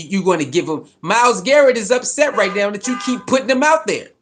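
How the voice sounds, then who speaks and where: A man's voice: high-pitched, a bit bright. A man delivering a heated, profane sports commentary rant, repeating his points with mounting frustration. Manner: fired-up, profane, repetitive.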